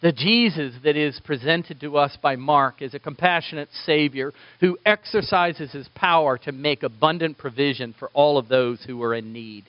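A male pastor preaching a sermon in an animated way, acting out the voices of the people he quotes. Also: on the high side, moderate pace, hardly any pauses, dry recording, highs cut off.

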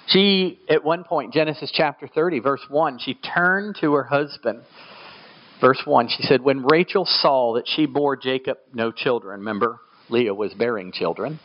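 A man's voice: lively intonation, measured pace, pauses often, muffled recording. A man preaching a sermon, reading scripture aloud and pushing his voice up for emphasis. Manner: emphatic, rising to high pitch on quoted scripture. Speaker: pastor.

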